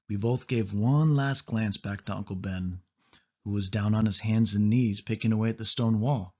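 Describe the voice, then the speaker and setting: Guy reading a kids' book out loud, husky voice, dull lo-fi recording. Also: lowish voice, moderate pace. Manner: steady first-person narration. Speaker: audiobook reader. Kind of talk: storybook reading aloud. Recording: dull lo-fi audio.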